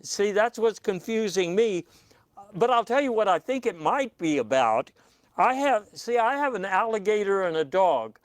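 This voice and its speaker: A man hosting a comic news panel with a dry, deadpan delivery and hesitant fillers. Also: high-pitched, clear, resonant tone, no room sound. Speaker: comedy news host.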